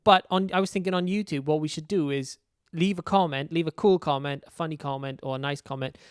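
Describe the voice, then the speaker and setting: A man's voice: fairly high pitch, fast, clear, resonant tone, dry recording, clean studio sound. A man with a South Welsh accent co-hosting a podcast, easygoing and jokey in casual chat. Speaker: podcast co-host.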